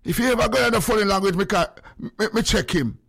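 A Jamaican man chatting casually in patois to viewers on a phone live stream, swinging between a high voice and a low one. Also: fast talker, vocal fry, a bit bright.

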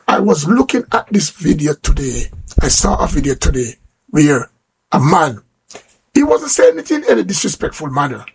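A man with a Jamaican accent hosting a live stream, greeting listeners one by one by name in a casual, lively way. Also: fairly high pitch, normal speed, creaky, husky.

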